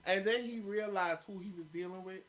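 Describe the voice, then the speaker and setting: A man's voice: high voice, brisk, crowd noise, low-quality recording. A man co-hosting a show, telling a story in a casual, blunt and profane way. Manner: blunt, profane, animated retelling. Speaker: co-host.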